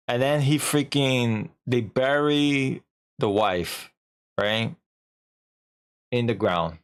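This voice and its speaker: A man's voice: medium pitch, slow pace. A young man streaming, casually recapping a story in a rambling, slangy way with lots of filler.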